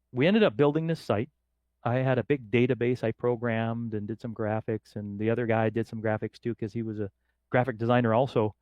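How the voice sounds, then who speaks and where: A man's voice: medium pitch, dry recording, dull audio. A middle-aged man from northern Canada, a podcast guest telling stories casually and acting out the voices of people in them. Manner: lively, acts out quoted voices in his anecdotes. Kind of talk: casual storytelling.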